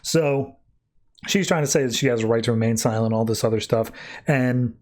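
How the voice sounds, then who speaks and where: A man hosting a podcast, recapping a comic issue in a casual, animated way with quick quoted voices. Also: mid-range voice. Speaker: podcast host.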